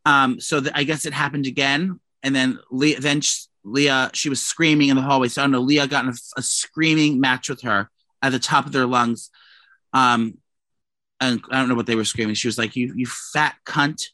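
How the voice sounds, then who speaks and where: A New man chats on a gossip podcast with a bright, forward voice. He swears freely and keeps breaking off and restarting mid-sentence. The sound is dry and close, with no room around it. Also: mid-range voice, level tone, moderate pace, no echo. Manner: profane, rambling storyteller with many restarts. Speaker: podcast co-host. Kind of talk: casual gossip chat.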